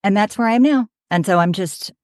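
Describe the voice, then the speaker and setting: A woman in her fifties from Oklahoma, a voiceover artist, telling her story in a chatty, animated way on a podcast. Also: mid-range voice, brisk, dry recording, clean studio sound. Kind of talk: casual podcast chat.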